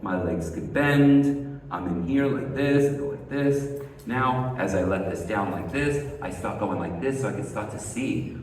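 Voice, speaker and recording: A man's voice: on the low side, lively intonation, measured pace, darkish tone. A man leads a hair-cutting lesson, quizzing his listeners and drilling key words over and over. His voice carries from a distance, bouncing around a big, echoey hall with a long reverb tail. A faint hum of the room sits underneath. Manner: coaching, asks rhetorical questions, repeats key words. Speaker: hair educator. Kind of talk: live haircut demonstration. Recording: echoey hall, mic far off.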